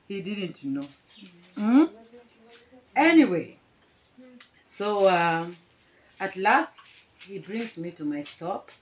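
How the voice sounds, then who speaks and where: A woman's voice: mid-range voice, sing-song, takes it slowly, pauses often, highs cut off. Dramatic Kenyan woman telling a story. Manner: dramatic, boastful, laughs often. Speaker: vlogger and teacher. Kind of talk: animated storytelling. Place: home. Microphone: phone camera.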